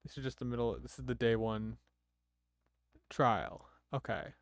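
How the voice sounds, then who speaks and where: A man's voice: medium pitch, measured pace, no room sound, studio quality. A man streaming a game, casually thinking aloud and asking his viewers questions. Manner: relaxed, thinking aloud, asks chat questions. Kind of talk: casual gameplay chat with viewers.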